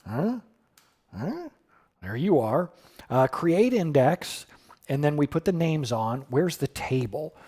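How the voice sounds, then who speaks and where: A man's voice: on the high side, lively intonation, a little slow, mellow, breathy edge. A middle-aged man live coding on a stream, thinking aloud casually with sudden surprised exclamations and answering chat questions.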